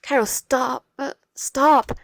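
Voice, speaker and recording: A woman's voice: medium pitch, moderate pace, dry recording, natural voice. A woman voicing a frightened teenage protagonist who pushes back in a raised voice. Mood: alarmed. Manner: alarmed, raised voice.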